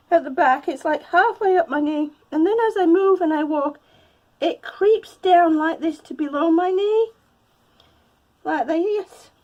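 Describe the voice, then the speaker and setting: High-voiced breathless woman in her fifties. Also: a little mellow, dull audio. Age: 50s. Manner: chatty, laughs often, coos at her cats. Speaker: vlogger. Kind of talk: casual home vlog.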